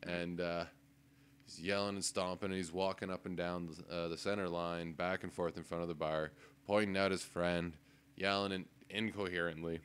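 This man's deep, clear, resonant voice moves at a moderate pace. As a podcast co-host on a desk microphone, he tells a casual story with frequent profanity and laughs, animated throughout.

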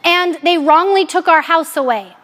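A woman in her forties giving a candid, animated personal faith talk to an audience as a Catholic speaker, mixing in jokes. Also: very high-pitched, moderate pace.

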